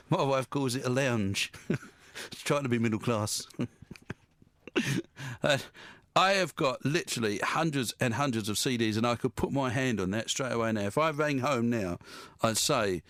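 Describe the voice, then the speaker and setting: A man's voice: mid-range voice, expressive, measured pace, a bit bright, no room sound. Guy hosting a radio show, rambly and jokey, cracks himself up, dry close studio mic. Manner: rambling and jokey, laughs at his own quips. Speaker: radio presenter. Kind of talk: casual studio chat.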